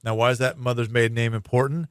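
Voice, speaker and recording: A man from Hawaii, a prosecuting attorney, is a guest in a casual radio interview, explaining at length with lots of fillers and restarts. His mid-range voice is smooth, fast, and fairly flat in pitch. The radio studio recording is studio quality with no echo.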